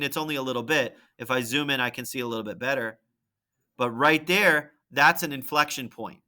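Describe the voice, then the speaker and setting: Bright-voiced man talking through math. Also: mid-range voice. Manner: conversational, thinking aloud with frequent "right?" and "okay?". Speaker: math teacher. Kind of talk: screen-recorded lesson walkthrough.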